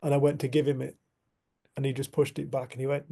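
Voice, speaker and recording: A man leading a community group, speaking in a reflective spiritual talk and telling a story in an earnest, unhurried way. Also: medium pitch, flat delivery, creaky, dark tone, slightly rough.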